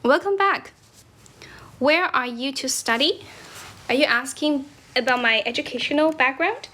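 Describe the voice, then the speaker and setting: A young Chinese woman hosts a casual livestream indoors while squatting, mixing English and Chinese. Her slightly high voice has a sharp tone and moderate pace, and she laughs often while repeatedly thanking viewers for their gifts.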